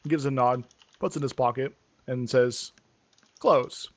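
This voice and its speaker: A man's voice: mid-range voice, steady tone, moderate pace, no echo. A man narrating a tabletop game as game master, rambling with many fillers.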